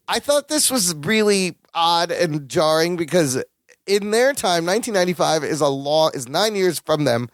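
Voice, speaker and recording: Lively podcast co-host with a swooping voice. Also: mid-range voice, measured pace. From Chicago area. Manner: expressive, quotes characters and jokes along. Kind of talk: casual chat recapping a sitcom episode.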